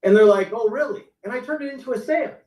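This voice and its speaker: A middle-aged car sales veteran tells stories casually on a live stream, acting out what his customers said. His very high, slightly mellow voice comes rapid-fire over a video call, picked up by a distant mic in a roomy space.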